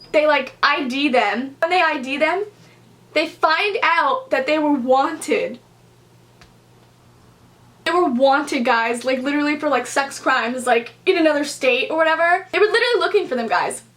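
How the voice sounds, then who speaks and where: A young woman talks straight to her camera in a storytime vlog. Her voice sits high, and she tells the story casually and animatedly, leaning on "like" and acting out what everyone said. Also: normal speed. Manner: animated, expressive, heavy use of "like", acts out quotes. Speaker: vlogger.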